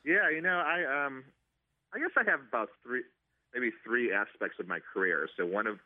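This man, a stadium organist, speaks casually in an interview with lots of ums and restarts. He has a mid-range voice at a moderate pace, and the recording is dry but comes through a tinny phone line.

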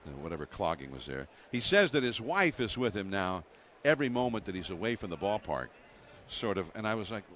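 A man calling baseball play-by-play as a guest in the booth, halting and full of restarts. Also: lowish voice, big pitch swings, a bit bright, a little hiss or hum. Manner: halting, many restarts and fillers. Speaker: guest broadcaster.

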